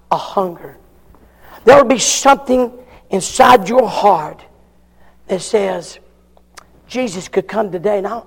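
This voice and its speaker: Inside a church, a man preaches a fervent sermon, calling for amens between points in frequent call-and-response. His voice is high-pitched and creaky, trailed by long reverb.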